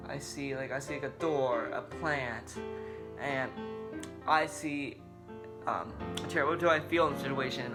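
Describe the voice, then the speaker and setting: A young man talking casually to camera as a vlogger, halting with many fillers and restarts. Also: mid-range voice. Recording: guitar music in background.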